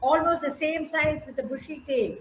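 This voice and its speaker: A woman's voice: sits high, normal speed, echoey room, slight background noise, low-quality recording. A woman with an Indian English accent telling a story to a class, coaxing answers and praising listeners by name. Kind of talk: interactive storytelling with questions to listeners.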